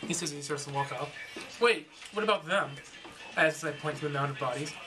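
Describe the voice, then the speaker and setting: A man's voice: a little high, a little fast, over music. A man reading his own fan story to friends, rambling and correcting himself as he goes. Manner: rambling, self-correcting narration. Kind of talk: casual read-through with friends.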